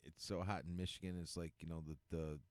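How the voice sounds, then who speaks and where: A man's voice: sits low, level tone, fairly quick, darkish tone, no room sound. A man co-hosting an internet radio show, chatting casually, laughing often and quoting film lines. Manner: laughing, quotes movie lines. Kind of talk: casual podcast banter.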